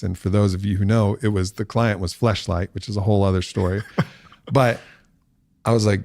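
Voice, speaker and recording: A man in his forties, a podcast guest, telling a story in casual talk and acting out quotes with big jumps in pitch. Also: fairly even intonation, moderate pace, a little mellow, no room sound.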